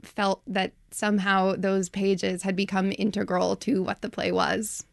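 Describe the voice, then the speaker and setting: A woman's voice: mid-range voice, level tone, vocal fry, dry recording. Young woman playwright, thoughtful and dry. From Ohio. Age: 20s. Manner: thoughtful, with many ums and quick asides. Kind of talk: casual interview answers.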